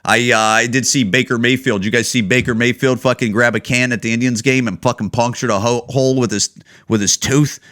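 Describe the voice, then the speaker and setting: A man from Chicago hosting a comedy podcast, ranting in a profane, animated storytelling manner. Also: medium pitch, brisk. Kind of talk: casual comedic rant.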